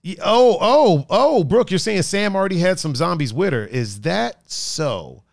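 A man's voice: sits high, big pitch swings, measured pace, gravelly, no room sound, clean studio sound. A man hosting a casual podcast, joking and rambling with restarts as he reads out the live chat.

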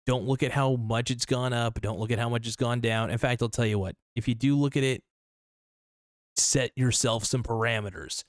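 A man hosting a casual solo podcast, talking in a loose, rambling, profane way with many restarts, his voice a little worn and hoarse. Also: mid-range voice, no echo, clean studio sound. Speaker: podcast host.

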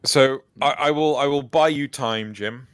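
A man co-hosting a casual podcast chat, telling stories with lively energy and acting out quotes. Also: mid-range voice, a little slow, clear, resonant tone, no room sound. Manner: animated storyteller, acts out quotes. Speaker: podcast co-host.

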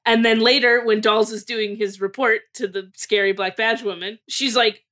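A woman's voice: on the high side, fairly even intonation, moderate pace, a bit bright. A woman co-hosting a TV podcast, recapping scenes in casual chat and quoting characters. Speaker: podcast co-host.

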